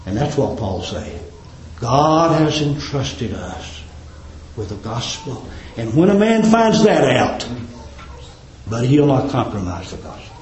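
A man preaching a sermon, fervently rising to emphatic peaks and dropping to quiet endings. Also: mid-range voice, sing-song, takes it slowly, reverberant, rough recording. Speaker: pastor. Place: church.

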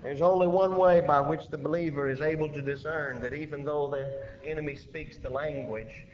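A man preaching a sermon, swinging between loud emphatic rises and quiet drops, recorded lo-fi in an echoey church with faint hiss. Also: a little high, fairly even intonation, moderate pace. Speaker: pastor.

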